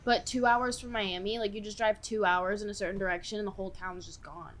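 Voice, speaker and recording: A woman's voice: mid-range voice, quick pace. Easygoing young woman chatting. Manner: relaxed, easygoing, filler-heavy. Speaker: guest. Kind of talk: casual chat.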